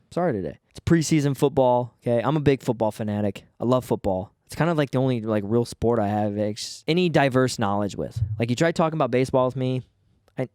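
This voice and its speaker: A man's voice: mid-range voice, a little mellow, dry recording, clean studio sound. Fired-up man ranting on his podcast. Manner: fired-up, swearing, stumbling restarts. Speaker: podcast host. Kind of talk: casual solo podcast rant.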